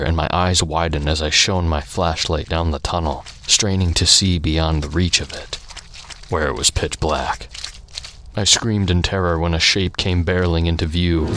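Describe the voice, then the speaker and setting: A man with an extremely deep, low voice reads a first-person horror story. His delivery stays flat and even, and his storytelling is steady and hushed. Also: a little hiss or hum.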